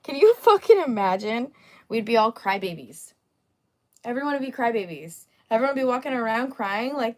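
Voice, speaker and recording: A woman's voice: a little high, big pitch swings, moderate pace. A young adult woman hosting a livestream, teasing commenters with sassy, laughing casual chat. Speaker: livestream host.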